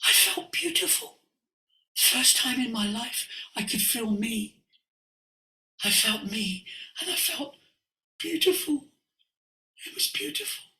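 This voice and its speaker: A man voicing a timid, self-conscious young woman who pleads in a high, breathless voice. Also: very animated, slow, few pauses, reverberant, full character voice, low-quality recording. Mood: awed.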